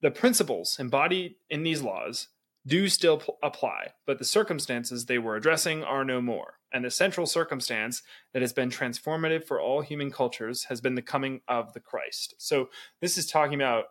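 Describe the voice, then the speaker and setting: A man's voice: mid-range voice, expressive, normal speed, fairly bright tone. A man co-hosting a podcast, reading book passages aloud and commenting on them emphatically, often asking "right?" and laughing between points. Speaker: podcast co-host.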